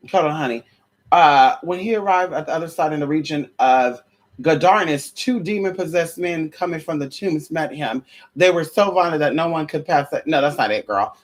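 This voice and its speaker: With a medium-pitched voice, an exhausted, sweating vlogger rants sermon-style and profanely to the audience, calling them honey and girl with plenty of sass. There are stammering restarts, shouted ows, and scripture read out slowly and theatrically.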